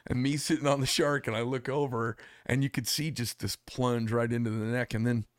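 A man from Arizona spins a long tale on a podcast, circling back with plenty of "uh"s and restarts. His pitch sits in the middle range and the recording is dry and close, with no room sound. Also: flat delivery, fairly quick, no room sound. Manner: rambling, filler-heavy storyteller. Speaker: podcast host. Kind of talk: casual storytelling chat. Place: studio.

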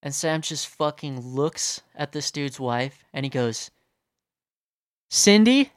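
A man's voice: medium pitch, a little slow, no room sound, clean studio sound. A young man telling a story in a casual, profane rant full of fillers. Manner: profane, animated, many fillers.

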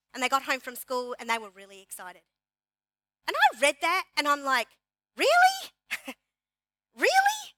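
A woman pastor preaching a sermon in an animated, emphatic way, repeating key phrases for her congregation. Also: high voice, no echo. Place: church.

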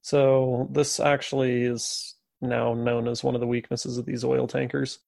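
Man, gravelly, dry close sound, casual podcast storytelling, sarcastic asides. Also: mid-range voice, level tone, measured pace, darkish tone, dry recording. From USA. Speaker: podcast co-host.

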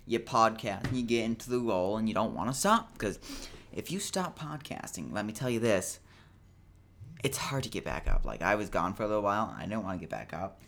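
Young male podcast host, low-pitched, rambling deadpan jokes, casual solo talk. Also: a little fast, gravelly. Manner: rambling, jokey, self-deprecating; tired.

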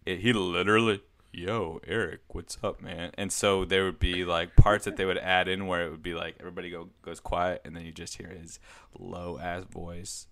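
Young male podcast co-host with a low voice, upbeat and encouraging, tells anecdotes. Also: flat delivery, a little fast, a bit bright. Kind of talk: casual chat.

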